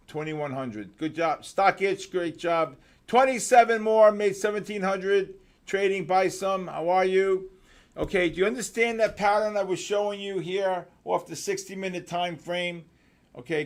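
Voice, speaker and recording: A man hosting a live trading session, talking fast and excitedly with sudden loud exclamations. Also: fairly high pitch. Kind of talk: live trading room commentary.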